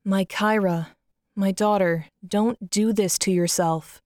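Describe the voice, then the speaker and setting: A woman voicing a stern but caring middle-aged father in a firm, slightly lowered voice. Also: steady tone, takes it slowly, darkish tone, no room sound, clean studio sound, natural voice.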